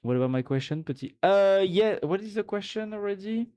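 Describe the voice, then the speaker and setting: A man's voice: high voice, expressive, a little fast, warm tone, clear, resonant tone. A man with a French accent chatting casually on a live stream, reading out and answering his chat in a rambling, giggly way. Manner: chatty, reads chat aloud and thanks followers.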